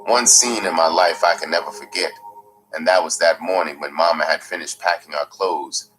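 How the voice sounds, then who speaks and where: A man reading a first-person memoir aloud in a slow, measured, gritty storytelling manner. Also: low voice, a bit bright, rough recording. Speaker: audiobook narrator. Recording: faint music underneath.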